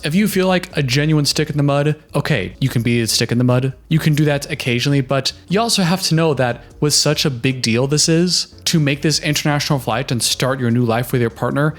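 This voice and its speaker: A man doing casual reaction commentary, chatty and opinionated, giving relationship advice. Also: medium pitch.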